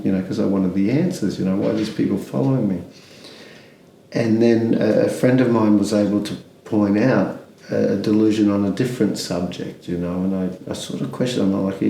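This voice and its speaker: A man's voice: fairly low pitch, creaky, mellow, echoey room, rough recording. A man, speaking candidly as an interview guest, rambling with many restarts and fillers.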